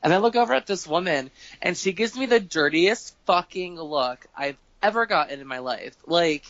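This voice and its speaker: A man's voice: sits high, moderate pace, no echo. A man as podcast guest, telling rambling stories full of swearing and acted-out quotes. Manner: rambling, swearing, animated quoting. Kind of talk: casual storytelling chat. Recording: dull lo-fi home recording.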